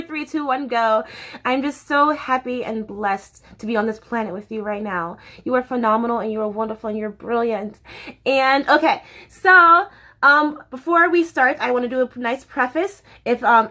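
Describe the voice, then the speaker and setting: Bubbly young woman vlogger, high and bright, casual and profane to camera. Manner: bubbly and chatty, swearing freely.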